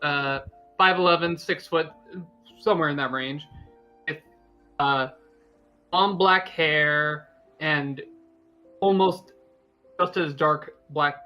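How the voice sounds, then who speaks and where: A man playing a tabletop game who describes his character haltingly, full of ums and self-corrections. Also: a little high, pushed and bright. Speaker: player.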